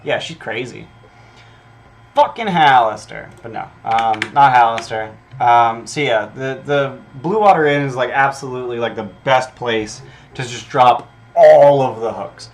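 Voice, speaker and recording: A man's voice: mid-range voice, a little slow, a little hiss or hum. A man preparing a tabletop game session, reading his notes aloud in a casual, profane way, with lots of ums. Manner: filler-heavy, profane, thinking aloud. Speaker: game master prepping an adventure.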